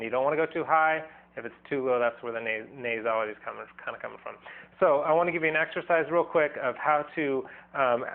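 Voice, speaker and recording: A man giving a casual singing lesson, loose and rambling, often restarting sentences and demonstrating sounds as he explains. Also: a little high. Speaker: singing teacher. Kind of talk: casual vocal lesson video. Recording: thin, phone-like band.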